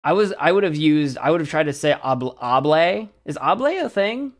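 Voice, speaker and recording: A man's voice: fairly high pitch, expressive, normal speed. An American man streaming, chatting casually as he practices a language app, thinking aloud and second-guessing himself.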